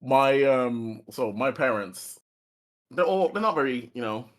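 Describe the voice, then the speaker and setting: A man co-hosting a podcast, talking in a laid-back, halting way with laughs. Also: mid-range voice, lively intonation. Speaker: podcast co-host. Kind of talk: casual chat.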